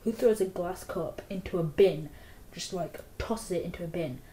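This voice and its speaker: A woman's voice: fairly low pitch, normal speed, mellow, slight background noise. A young woman in casual book review chat, rambling with lots of "like" fillers. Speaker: book vlogger. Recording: echoey room.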